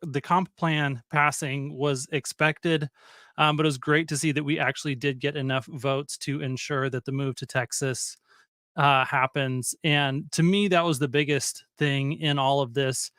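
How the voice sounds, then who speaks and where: Blunt man with a smooth voice. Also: a little high, fairly even intonation, measured pace, a bit bright, dry recording, studio quality. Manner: confident, blunt, opinionated. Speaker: guest commentator. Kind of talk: casual live stream chat.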